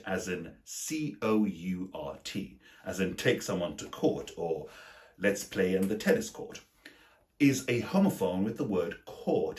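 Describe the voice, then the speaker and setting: Deep-voiced British man teaching English. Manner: spells words out letter by letter. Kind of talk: video lesson.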